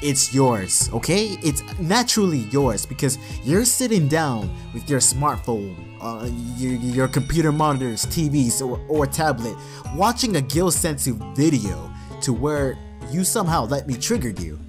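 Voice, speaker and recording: A man's voice: medium pitch, unhurried, over music. A man YouTuber delivering a profane, mocking comedic rant to his viewers. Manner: profane, mocking, animated ranting.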